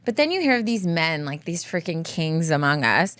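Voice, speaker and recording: A woman's voice: sits low, big pitch swings, normal speed, fairly bright tone, dry recording. A woman co-hosting a relationship advice podcast, telling stories in a chatty way with lots of "like". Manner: chatty storyteller, heavy use of "like". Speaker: podcast co-host. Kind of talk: casual chat.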